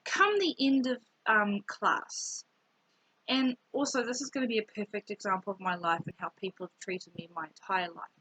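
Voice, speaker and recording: A young woman telling a rambling, animated story from her school days in a casual vlog, with many fillers. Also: mid-range voice, normal speed, slightly rough, no echo, rough recording.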